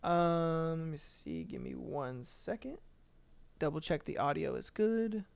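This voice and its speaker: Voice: mid-range voice, unhurried, creaky, darkish tone, clear, resonant tone, dry recording. A podcast host casually recapping a story, rambling and slangy, cursing freely with many fillers and self-corrections.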